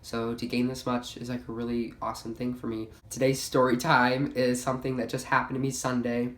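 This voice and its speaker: A young adult vlogger rambles through a storytime, leaning hard on "like" and swearing casually. The voice sits at a middling pitch, and the room adds a noticeable echo. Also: flat delivery, fairly quick. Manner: chatty, heavy on "like" fillers, swears freely. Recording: roomy echo.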